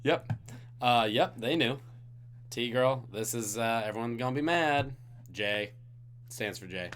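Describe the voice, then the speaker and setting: A man's voice: medium pitch, slow pace, a bit bright, smooth. A tired man hosting a live-streamed trivia game, reading out questions and joking with the chat between them. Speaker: trivia host.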